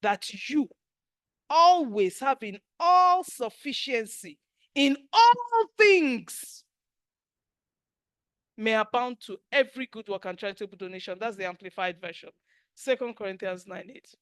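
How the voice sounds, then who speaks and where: A middle-aged Nigerian woman with a Nigerian accent, leading a spiritual teaching class, telling stories with acted quotes in an animated, emphatic way. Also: a little high, measured pace, no echo, clean studio sound.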